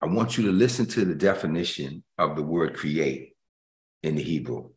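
A male pastor preaching with a lively, swooping pitch that rises and falls across each phrase. He hammers points home by repeating them and drops into near-whispers between louder bursts. His voice rings in a roomy, echoing space. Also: moderate pace. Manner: emphatic preaching with repeated phrases, swinging between loud and hushed. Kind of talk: sermon.

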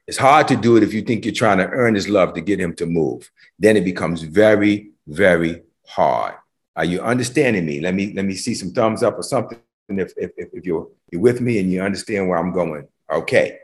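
A man's voice: low voice, expressive, moderate pace. A man preaching a sermon to an online congregation, with swells of intensity and repeated words as he builds his point. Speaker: pastor.

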